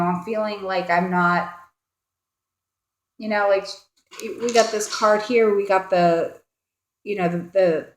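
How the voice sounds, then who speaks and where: A woman gives a casual tarot reading, rambling with lots of fillers and voicing the thoughts of the people in the cards. Her voice is lowish, with slight background noise and a roomy echo.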